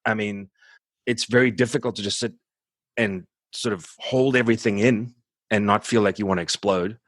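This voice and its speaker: Halting, reflective man in a dry room. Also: fairly low pitch, steady tone, fairly bright tone, dry recording. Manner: halting, many restarts, subdued and reflective. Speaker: musician guest. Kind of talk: candid interview conversation.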